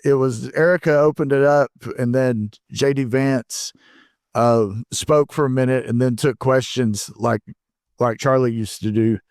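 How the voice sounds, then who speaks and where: A man co-hosting a podcast in casual chat, mostly giving short agreeing replies with halting starts. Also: medium pitch, fairly even intonation, darkish tone, dry recording, clean studio sound. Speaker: podcast co-host.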